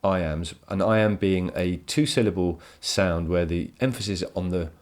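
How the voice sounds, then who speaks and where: A man with a very low voice talks through a poem for his students. He explains with enthusiasm and repeats words as he works out each point. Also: steady tone, measured pace. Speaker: teacher. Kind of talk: recorded poetry lesson. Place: home.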